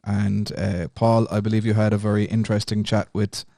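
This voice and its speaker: A man's voice: fairly low pitch, flat delivery, brisk, vocal fry, warm tone, no room sound. A man hosting a podcast, welcoming listeners and nudging his co-host along in casual chat. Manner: brief agreeing interjections.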